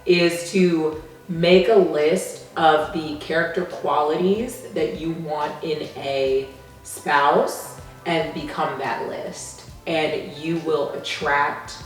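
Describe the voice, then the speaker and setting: A woman relationship coach, a guest in a casual chat, who gives advice in a calm, measured way. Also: sits low, distant mic. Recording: echoey room, voice from off-mic.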